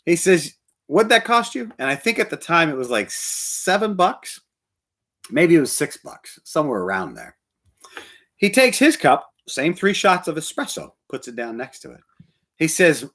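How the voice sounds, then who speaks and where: Man, pastor, storytelling sermon, animated delivery, very lively pitch. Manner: animated storyteller, quoting others.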